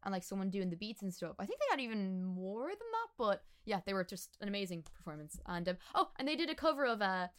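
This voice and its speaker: A woman's voice: mid-range voice, big pitch swings, fast, few pauses, a bit bright, smooth. A young woman, a musician guest chatting casually on a podcast, laughing often and filling her talk with "like". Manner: chatty, laughing, many fillers like "like".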